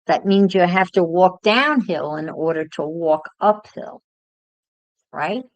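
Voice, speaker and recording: A woman's voice: fairly low pitch, slow, no echo, low-quality recording. A woman chatting casually to livestream viewers while she crafts, musing aloud as she works.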